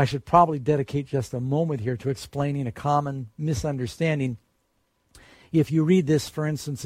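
A male preacher delivers a sermon with a husky, somewhat high voice. He speaks earnestly and lifts his voice when he quotes a promise. The sound is dry and close. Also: darkish tone, dry recording.

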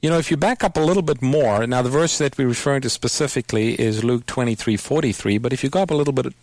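A man hosts a call-in Bible program, walking a caller through scripture step by step. His voice sits at an ordinary pitch and reaches the listener dry and close, with no room around it. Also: quick pace, a little mellow, dry recording. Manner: patient, explanatory, quotes scripture. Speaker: radio Bible program host. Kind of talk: call-in radio Bible answers.

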